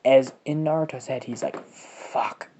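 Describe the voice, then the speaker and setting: A young man spins a fan-made story off the cuff, rambling and swearing freely as he goes. His voice sits at a middling pitch, and he often chuckles at his own jokes. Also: fairly even intonation, unhurried, darkish tone, dull audio, slight background noise. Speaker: fan-fiction narrator and channel host. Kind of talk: casual spoken fan-fiction storytelling.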